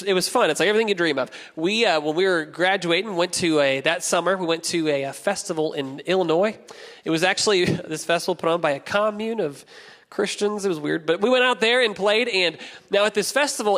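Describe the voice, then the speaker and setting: A young man preaching a sermon as a pastor, telling stories with playful, animated asides. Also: a little high. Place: church auditorium. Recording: long church hall reverb.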